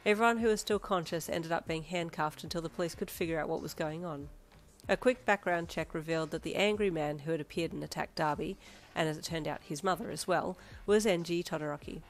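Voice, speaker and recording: Low-voiced woman dramatically reading fanfiction. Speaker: fanfiction narrator. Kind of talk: second-person romance story reading.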